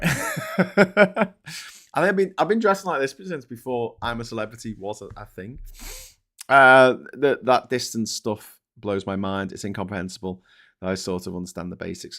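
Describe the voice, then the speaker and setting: A man's voice: lowish voice, expressive, moderate pace, a bit bright. A middle-aged British man hosting a casual live stream, rambling, swearing often and mocking himself as he reads comments and papers. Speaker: host.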